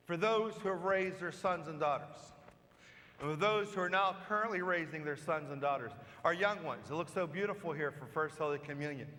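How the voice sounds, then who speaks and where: Priest giving a homily, storytelling, fairly high voice, echoey church. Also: male voice, sharp tone. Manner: storytelling, slow and emphatic. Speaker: parish priest. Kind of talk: sermon. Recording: long church reverb.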